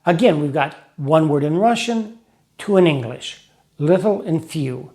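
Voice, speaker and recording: Male teacher, high register, patient lesson narration built on examples and rhymes. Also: expressive, warm tone. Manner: explains slowly with examples and rhymes. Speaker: English teacher for Russian speakers.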